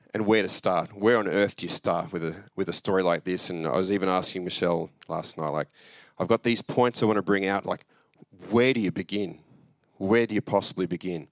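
A pastor giving a sermon in an earnest, conversational way, reading scripture and then explaining it with asides. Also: male voice, low voice, steady tone, normal speed, long pauses, no room sound.

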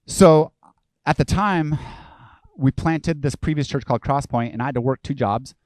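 A male pastor delivering a lively, conversational sermon, acting out the voices of people he quotes. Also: on the high side, moderate pace, dry recording.

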